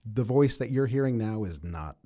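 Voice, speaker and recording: Lively-voiced male voiceover actor chatting. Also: lowish voice, moderate pace. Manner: conversational, animated, self-deprecating. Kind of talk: casual interview chat.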